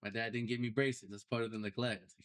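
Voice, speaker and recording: A young man, a podcast guest, telling his personal story in a casual, animated way with loose slang. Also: medium pitch, fairly quick, smooth. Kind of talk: storytelling interview.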